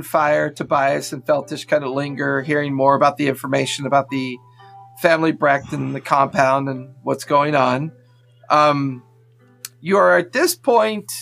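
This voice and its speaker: A man narrating as game master of a tabletop game in a loose, relaxed way with many fillers. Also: mid-range voice, gravelly.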